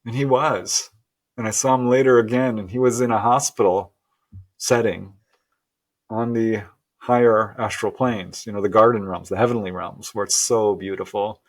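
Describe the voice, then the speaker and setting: A middle-aged man as a guest, telling a personal story earnestly and with animated laughs. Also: lowish voice, moderate pace. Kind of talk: storytelling interview.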